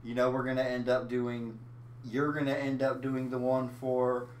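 Brief: easygoing man teasing his co-host over a game, mid-pitched voice, echoey room with faint hiss. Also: monotone, moderate pace. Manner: teasing, laid-back. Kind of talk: casual gaming banter. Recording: roomy echo, faint noise.

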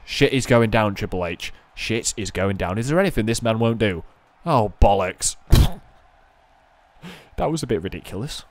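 A young man giving casual, excitable running commentary over a wrestling video game, chatting to viewers and swearing freely. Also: on the low side, normal speed, slight background noise. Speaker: gaming video creator.

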